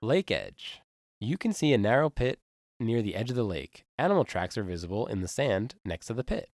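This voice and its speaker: A man reads the lines of an adventure game aloud for his friends. His voice sits at a middle pitch but swings widely up and down. The sound is dry and close. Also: no echo. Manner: expressive reading, quick to laugh. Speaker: player reading the game text. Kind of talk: reading game text aloud, casual chat.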